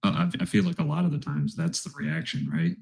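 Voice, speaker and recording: A man's voice: a little high, sing-song, a little fast, creaky, a little mellow, echoey room, poor audio. A man in his twenties in casual podcast chat, thoughtful and easygoing, sounding stuffed-up like he has a cold. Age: 20s. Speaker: podcast co-host.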